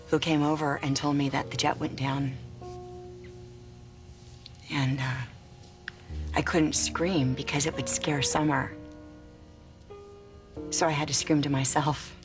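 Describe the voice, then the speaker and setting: In a TV drama, an actress plays an emotional young mother cooing tenderly and affectionately over her baby daughter. Her voice is low-pitched and flat, a little slow, with frequent pauses, and music plays in the background.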